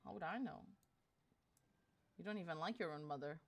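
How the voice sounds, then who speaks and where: A woman's voice: on the low side, normal speed, creaky. A woman streamer chatting casually with her friends and viewers, giggly, playful and teasing. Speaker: live streamer. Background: faint music playing.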